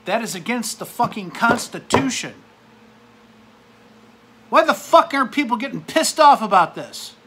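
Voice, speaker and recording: A man's voice: very high-pitched, very animated, moderate pace, pauses often, bright, forceful tone, a little hiss or hum. A man from the United States venting in an angry, profane, sarcastic rant to camera. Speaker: vlogger. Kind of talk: angry ranting monologue.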